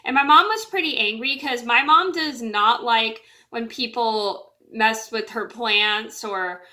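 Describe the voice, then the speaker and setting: A woman's voice: a little high, slow, bright, forceful tone. A woman casually telling a rambling personal story to camera, with many fillers, restarts and repeated "blah, blah". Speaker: storyteller vlogger.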